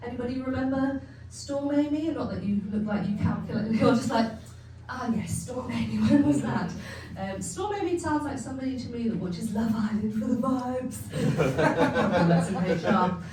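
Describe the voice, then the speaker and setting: A woman's voice: fairly high pitch, animated, moderate pace, few pauses, a little mellow. A young woman from England performing a stand-up set, chatty and self-mocking, laughing often as she acts out her family. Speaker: stand-up comedian. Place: comedy club stage. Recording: echoey venue from far off, faint hum.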